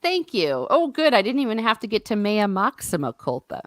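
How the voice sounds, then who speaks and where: A woman's voice: medium pitch, big pitch swings, moderate pace, no room sound. A woman hosting a casual book discussion livestream, chatty and laughing at herself. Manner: chatty, laughing, self-mocking. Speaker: host.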